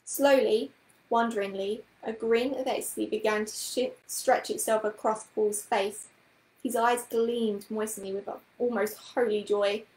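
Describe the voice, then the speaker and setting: A woman reads a children's storybook aloud in a calm, even way. Her voice sits a little high, and the room gives it a noticeable echo. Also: unhurried. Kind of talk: children's book read-aloud. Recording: roomy echoing room.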